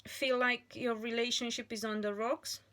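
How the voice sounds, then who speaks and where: A woman giving a tarot card reading in a slow, earnest monologue, pausing often and restarting her phrases. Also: on the high side, level tone, pushed and bright. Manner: slow and deliberate, with frequent pauses and restarts. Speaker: tarot reader.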